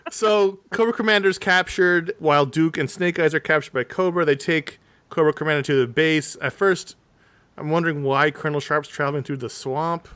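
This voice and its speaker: Podcast co-host, male, slightly raised pitch, wry delivery, dry audio. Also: moderate pace, fairly bright tone, clean tone, dry recording. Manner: wry, dry jokes while recapping. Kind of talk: casual chat. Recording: dry close sound.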